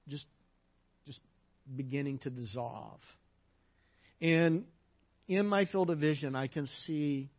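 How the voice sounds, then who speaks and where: A man preaching a sermon as pastor, telling personal stories, dropping to a hush in sad parts and acting out the people he quotes. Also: on the high side, muffled recording. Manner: personal storytelling, drops to a hush at sad moments and acts out quoted lines.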